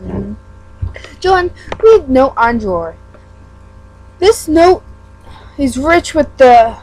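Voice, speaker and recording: A woman's voice: on the high side, a little mellow, rough recording. A woman giving a casual read-aloud of a webcomic. She stumbles over words and breaks off into self-mocking asides. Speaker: fan reader.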